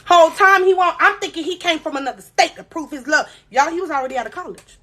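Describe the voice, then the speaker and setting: A young woman with a high voice tells a long story on a live stream. She acts out every scene with dramatic flair and keeps breaking off to read the chat. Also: quick pace. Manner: animated, dramatic retelling, reads chat aloud.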